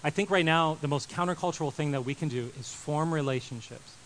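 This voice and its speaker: A man in his thirties preaching a sermon, animated, moving from loud emphasis to quiet intensity. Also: fairly high pitch, a little fast, a little hiss or hum, rough recording. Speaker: pastor.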